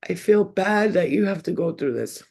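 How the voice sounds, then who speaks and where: A mellow-voiced woman talks straight to camera, giving a psychic reading. She rambles, circles back to repeat names, and grows emotional as she passes the messages on. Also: lowish voice, animated, normal speed. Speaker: psychic medium. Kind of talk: channeled spirit reading to camera.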